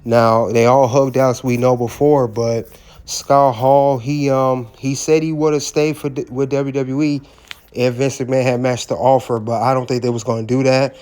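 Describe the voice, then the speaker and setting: A man's voice: mid-range voice, flat delivery, normal speed, darkish tone, clean tone. A man hosting a commentary recap, speaking hesitantly with frequent filler words. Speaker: wrestling commentary host.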